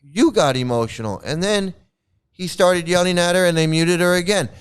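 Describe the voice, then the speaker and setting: A man's voice: high-pitched, flat delivery, normal speed, clean tone. A man hosting a live reaction commentary, talking in a rambling, repetitive way with many false starts. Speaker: channel host.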